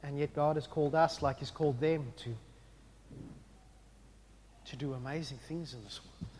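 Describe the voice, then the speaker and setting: A man preaching a sermon, with an impassioned delivery that swings from quiet reflection to loud exclamation. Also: a little high, steady tone, moderate pace, a little hiss or hum. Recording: long hall reverb.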